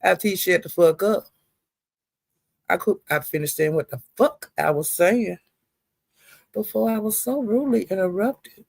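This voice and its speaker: A woman livestreamer telling a story in an animated, profane, emphatic way. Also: medium pitch, moderate pace, creaky, long pauses, no echo. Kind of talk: casual storytelling rant.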